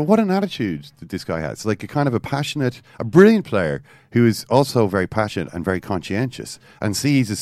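A man hosting a podcast, telling a football story with animated, storytelling energy and reading quotes aloud. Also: sits low, no room sound. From Ireland. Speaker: podcast host. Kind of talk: casual football chat.

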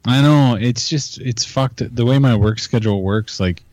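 A man's voice: medium pitch, moderate pace, a little mellow, no room sound, low-quality recording. A man with a Canadian accent chatting casually as a podcast guest, swearing freely and laughing easily. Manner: profane, laid-back, laughs easily. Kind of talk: casual chat.

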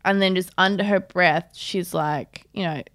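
A woman's voice: fairly low pitch, steady tone, a little slow, a bit bright, no echo, studio quality. A woman co-hosting a podcast, chatting casually and easily. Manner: easygoing, short agreeing replies. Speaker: podcast co-host. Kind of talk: casual chat.

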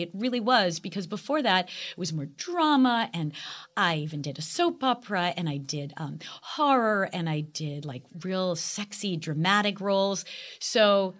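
A woman in her sixties, an actress and guest, chatting animatedly and telling lively stories in a casual interview. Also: medium pitch, moderate pace.

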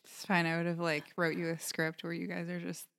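A woman with a low voice co-hosts a casual podcast. She explains things briskly and in an organized way. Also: monotone, a bit bright. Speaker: podcast co-host. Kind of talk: casual chat.

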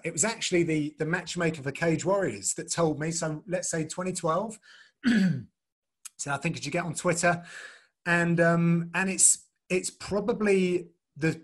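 A man hosting a relaxed conversation who rambles, restarts his sentences and laughs easily. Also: fairly high pitch. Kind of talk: casual chat.

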